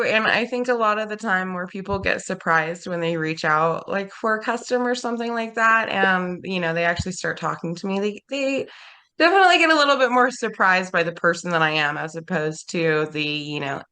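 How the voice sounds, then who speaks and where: A woman interviewed in a casual chat, talking in a relaxed, rambling way with many restarts. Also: on the low side, gravelly. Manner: relaxed, rambling, laughs often. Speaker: interview guest, content creator.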